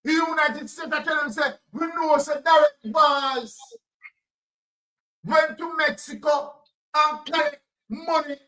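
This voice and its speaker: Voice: sits high, takes it slowly, sharp tone, distant mic, low-quality recording. A political commentator with a Jamaican accent, talking emphatically and repeating phrases in Jamaican Patois. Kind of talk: impassioned commentary.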